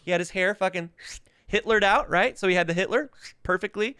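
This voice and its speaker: A man in his thirties hosts a podcast, telling comedic stories in casual, profane chat while sick with covid and coughing. His high voice is a little fast, clear and resonant, in a dry, studio-quality recording, and he's animated, mimicking voices in quotes.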